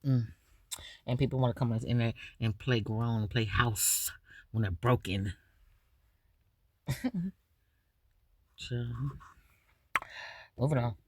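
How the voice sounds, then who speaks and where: A woman hosting a commentary show, speaking in a slow, preachy, scolding way. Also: rumbling low. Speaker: commentary host. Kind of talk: drama commentary reacting to a clip.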